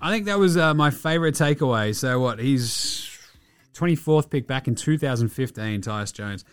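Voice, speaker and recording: A man's voice: medium pitch, normal speed, smooth. Blunt Australian man talking sport. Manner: blunt, excitable, swears freely. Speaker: podcast host. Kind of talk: casual sports podcast chat.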